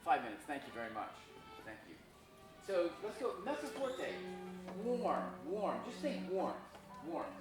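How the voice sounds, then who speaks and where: A man coaches a school orchestra, speaking frankly and teasing himself, and sometimes sings a phrase to demonstrate. His voice sits a little high. He was recorded from across a big echoing room, with a lot of background noise. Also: wildly swooping pitch, unhurried, music in the background. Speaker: visiting violinist teaching a masterclass. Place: school rehearsal room, echoey. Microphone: recorded from afar by a room camera. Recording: echoey room, distant, noisy.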